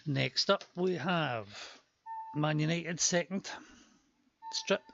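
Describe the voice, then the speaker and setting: A man's voice: on the high side, slow pace, vocal fry, fairly bright tone, muffled recording, slight background noise. A man calling a live auction stream, chatty with joking asides, his voice worn from a long day before.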